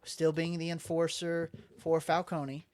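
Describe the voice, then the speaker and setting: A man's voice: a little high, unhurried. A man co-hosting a casual podcast, recapping a comic book plot step by step in a conversational way. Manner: steady plot recap, acts out quotes. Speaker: podcast co-host. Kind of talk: casual chat.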